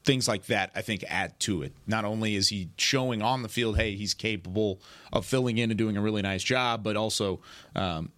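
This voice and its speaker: A man hosting a sports radio show, talking in a relaxed, conversational way. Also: fairly low pitch, moderate pace, no echo. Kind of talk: casual sports talk.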